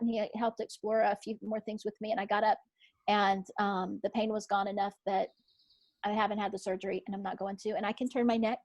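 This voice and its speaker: A woman guest on a podcast over a video call, telling her own story in a calm, measured, soft-spoken way. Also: medium pitch, no room sound. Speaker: podcast guest, coach and author. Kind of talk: conversational storytelling.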